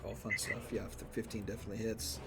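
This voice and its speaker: A man running a tabletop game as game master, relaxed and joking as he narrates and rules. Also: lowish voice, fast talker.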